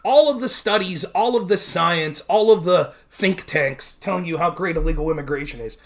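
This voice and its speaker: A man's voice: high-pitched, normal speed, fairly bright tone. A man hosting a livestream of political commentary, talking casually and sarcastically while answering viewer comments. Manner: sarcastic, mocking, reads chat aloud.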